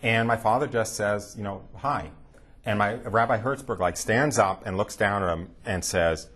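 A man speaking at a talk, telling a personal story in a hesitant way with many fillers and lively quoted voices. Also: on the low side, normal speed, slight background noise. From United States.

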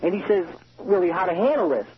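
A man's voice: sits high, expressive, quick pace, noisy background. A man calling in from a prison payphone, giving an earnest, emotional testimony with frequent restarts. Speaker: caller, prison inmate. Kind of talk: personal testimony by phone. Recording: muffled payphone line.

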